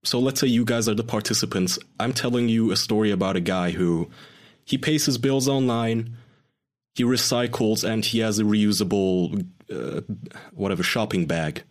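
A man's voice: on the low side, moderate pace. A man co-hosting a casual podcast, laying out a study to his friends and mocking it with quoted voices. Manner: explains studies, mocks with put-on quotes. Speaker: podcast co-host. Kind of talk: casual group banter.

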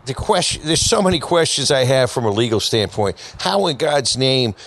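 A man's voice: medium pitch, animated, normal speed, fairly bright tone. Emphatic male lawyer on a podcast. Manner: emphatic, rhetorical questions. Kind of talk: casual chat.

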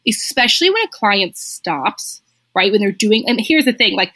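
A woman's voice: medium pitch, very animated, normal speed, pushed and bright, dry recording. A woman therapist chatting bluntly and emphatically, swearing freely. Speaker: therapist, podcast guest. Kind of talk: casual chat.

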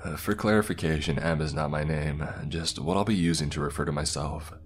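Very deep-voiced man narrating horror. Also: fairly quick, soft background music. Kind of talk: scripted narration.

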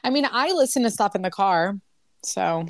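A woman's voice: medium pitch, expressive, moderate pace, dry recording, studio quality. A woman in her thirties co-hosting a pop culture podcast, talking in a chatty, rambling way full of fillers. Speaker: podcast co-host. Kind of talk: casual chat.

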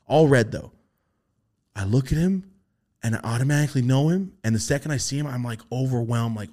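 A young man on a podcast telling a story in casual chat, swearing freely and acting out the voices he quotes. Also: a little fast. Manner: animated, swearing, acts out quoted voices in a high pitch. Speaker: podcast host.

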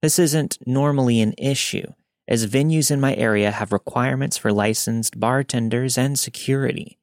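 A man of ordinary pitch narrates a scripted horror story. He reads steadily and evenly, and the sound is close and dry with no room around it. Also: normal speed, dry recording.

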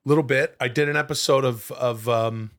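A man's voice: medium pitch, steady tone, moderate pace, a bit bright. A man hosting a comedy podcast, chatting casually in a loose, profane, rambling way. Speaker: podcast host.

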